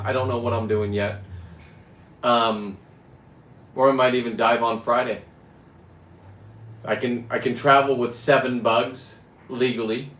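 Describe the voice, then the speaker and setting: A man's voice: medium pitch, a bit bright. A man chatting casually to camera about diving, rambling and blunt, with the odd swear word. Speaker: free diver and vlogger. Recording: roomy echo with faint background noise.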